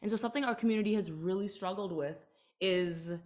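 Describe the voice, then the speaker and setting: A woman in her thirties, an entertainer and author, appears as a podcast interview guest. Her medium-pitched voice has a darkish tone, and she speaks earnestly and reflectively, quick to add emphasis.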